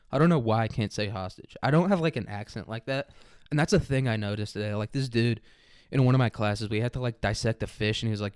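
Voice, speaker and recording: A man's voice: mid-range voice, fast talker, clean tone, no echo, studio quality. A young man from the American Midwest hosting a podcast in a crude, rambling comedy monologue, laughing often. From Kansas City area, American Midwest. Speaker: podcast host.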